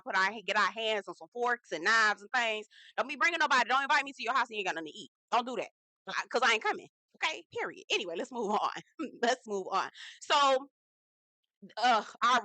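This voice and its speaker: Sassy, bright-voiced woman recapping TV. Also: mid-range voice, dry recording. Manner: sassy, animated, slangy, calls viewers girl. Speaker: TV review host. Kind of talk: casual chatty recap.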